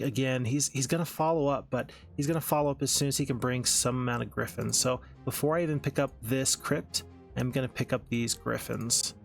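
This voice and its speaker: A man's voice: medium pitch, gravelly. A man hosting a let's-play, commenting on his strategy game as he plays and thinking aloud in an easygoing, self-mocking way. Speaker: gaming channel host.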